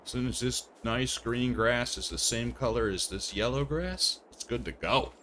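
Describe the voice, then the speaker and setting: A man's voice: medium pitch, normal speed, fairly bright tone, a little hiss or hum. A man giving casual commentary while streaming a game, chatty and thinking aloud, often laughing at himself. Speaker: livestreamer.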